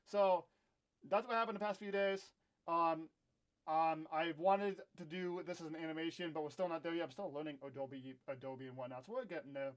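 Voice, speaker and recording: High-voiced young man ranting on camera. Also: moderate pace. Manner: candid, ranting, self-deprecating. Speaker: vlogger. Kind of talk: casual storytime vlog. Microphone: own camera.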